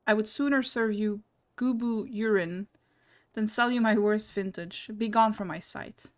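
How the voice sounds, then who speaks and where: Scornful game wine baron, snobbish, insulting, read by a woman, mid-pitched. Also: measured pace, close to an everyday voice. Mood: disdainful.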